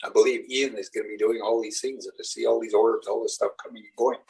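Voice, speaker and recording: A man's voice: lowish voice, steady tone, quick pace, vocal fry, darkish tone, far from the mic, rough recording. A middle-aged man, a shaman and spiritual teacher, giving a rambling, earnest talk to a live group. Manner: rambling, earnest storytelling with acted-out quotes.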